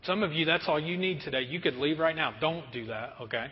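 A pastor preaching a sermon to a congregation, lively and often acting out everyday scenes in quick put-on voices. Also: male voice, on the high side. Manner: animated, acts out kids and parents in quick voices. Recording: muffled sound with long hall reverb.

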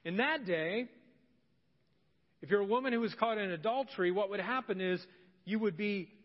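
High-voiced pastor man in a reverberant hall. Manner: humorous, animated, acts out voices of people in the story. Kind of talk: sermon. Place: church hall. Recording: muffled church hall recording with long reverb.

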